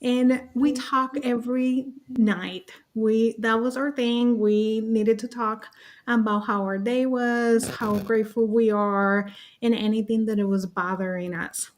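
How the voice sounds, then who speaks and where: Woman on a video call, kinda high voice, super animated storytelling, does the voices. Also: a little slow. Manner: lively, acts out voices in her stories. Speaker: summit panelist, parent.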